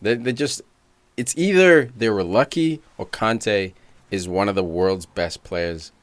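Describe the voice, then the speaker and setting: A man with a very low, deep voice co-hosting a casual soccer podcast. He talks in an emphatic, argumentative way and is quick to cut in with agreement or pushback. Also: no echo. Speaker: podcast co-host. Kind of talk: casual sports chat.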